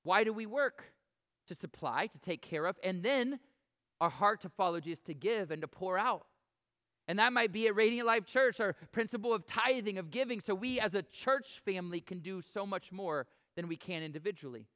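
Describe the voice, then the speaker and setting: Bright, high-voiced man preaching. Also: normal speed. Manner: earnest, conversational preaching with direct questions to the congregation. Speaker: pastor. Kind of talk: sermon. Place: church sanctuary before a congregation.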